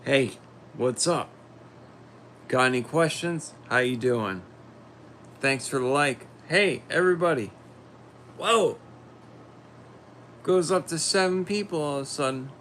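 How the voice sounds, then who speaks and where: Slow, rambling man on a livestream. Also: medium pitch, fairly bright tone, a little hiss or hum. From Philadelphia. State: a little sick. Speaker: livestream host. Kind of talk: casual livestream chat reading comments.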